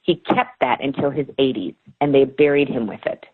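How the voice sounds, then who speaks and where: Woman, low voice, animated storyteller acting out dialogue, phone-line sound. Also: normal speed, husky. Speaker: author guest. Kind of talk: podcast interview storytelling.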